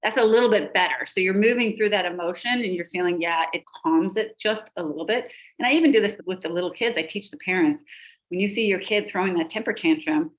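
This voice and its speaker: A middle-aged woman, a pediatrician and life coach, explaining emotions on a podcast and listing examples in a steady rhythm. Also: lowish voice, quick pace, dull audio.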